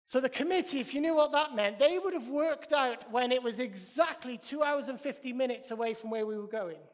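A man's voice: very high voice, brisk, in a large hall. A Welsh man preaching a sermon in a church, emphatic and repeating his phrases in threes.

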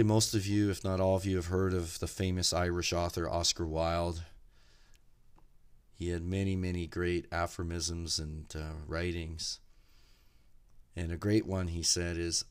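Deep-voiced man giving a motivational talk. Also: level tone, clear, resonant tone. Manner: measured and earnest, slows for emphasis, tells stories. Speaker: podcast speaker.

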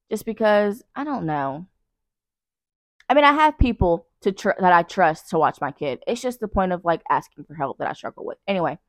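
A woman's voice: medium pitch, no echo, clean studio sound. A young woman hosting her own podcast from her couch at night, talking in a blunt, profane, rambling and self-mocking way. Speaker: podcast host. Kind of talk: casual solo podcast chat. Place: living room couch at night.

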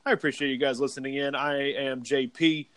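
A man's voice: medium pitch, fairly even intonation, fairly quick, a bit bright, dry recording. A young man hosting a casual sports podcast, rambling with lots of fillers. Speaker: podcast host.

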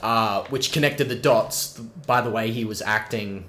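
A man's voice: fairly low pitch, unhurried, a bit bright, slight background noise. Give me a young man in a roomy room, telling a story. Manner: swears a lot, acts out voices in his stories. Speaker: podcast co-host. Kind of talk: casual chat among friends. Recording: roomy echo.

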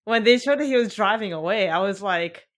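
A woman's voice: mid-range voice, expressive, fairly quick. A woman co-hosting a casual podcast chat, mostly giving short murmurs of agreement and laughing easily. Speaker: podcast co-host.

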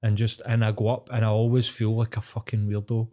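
A man's voice: fairly low pitch, level tone, mellow. A Glaswegian man co-hosting a podcast, telling stories in sweary casual chat and acting out other people's lines. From Scotland. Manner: sweary storytelling with quick acted-out voices. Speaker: podcast co-host.

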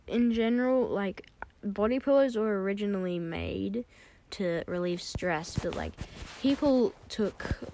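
A woman's voice: on the low side, darkish tone, slight background noise. A woman hosting her own episode, chatting casually and rambling with lots of "like". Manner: rambling, heavy use of "like". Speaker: solo episode host. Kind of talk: casual opinion chat.

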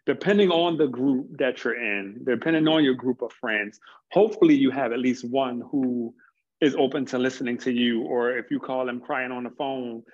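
Earnest man, dull lo-fi recording. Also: medium pitch. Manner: earnest, stumbles on words, builds points slowly. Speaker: interview guest. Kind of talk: reflective conversation.

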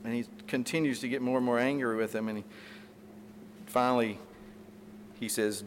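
A pastor delivering a sermon, telling a story with animated retellings and acted-out quotes, then closing in prayer. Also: male voice, mid-range voice, normal speed, long pauses. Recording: reverberant hall, faint room noise.

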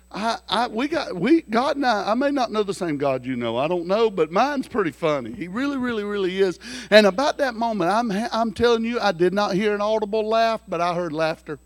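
A man preaching a sermon through folksy, joking stories, animated and lively. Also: sits high, no echo. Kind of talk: storytelling sermon.

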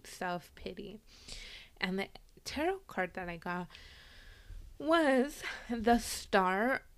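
A young adult woman hosting a casual podcast, reading tarot cards and talking about her life in a relaxed, personal way, slipping between English and Spanish. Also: medium pitch. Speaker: podcast host.

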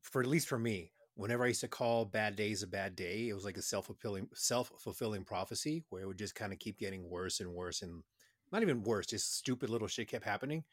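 Laid-back low-voiced man musing. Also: fast, no room sound, clean studio sound. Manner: laid-back, reflective, swears casually. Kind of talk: casual profane chat.

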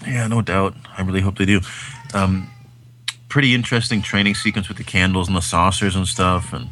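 A man's voice: sits low, steady tone, brisk, a bit bright. A man co-hosting a podcast, chatting casually about films, enthusiastic and rambling, with lots of fillers. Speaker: podcast co-host. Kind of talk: casual film-review chat.

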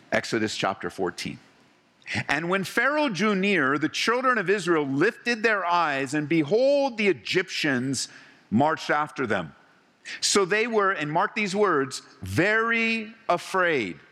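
A man preaching a sermon to his congregation, talking conversationally and swinging between lively and hushed delivery. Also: high-pitched. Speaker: pastor. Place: church hall. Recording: long hall reverb.

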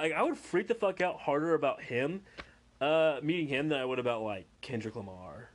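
A man, a tattoo artist, chatting casually and swearing often, excitably acting out the voices of the people in his stories. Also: a little high, brisk, slight background noise. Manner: excitable, profane, acts out voices. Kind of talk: casual chat.

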